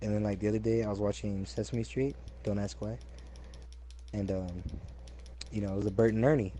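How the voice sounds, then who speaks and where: A young man chatting casually, telling stories with lots of repeated words and loud acted-out quotes. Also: lowish voice, brisk, a little hiss or hum. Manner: animated storyteller, repeats words, acts out quotes loudly. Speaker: co-host telling work stories. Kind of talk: casual chat.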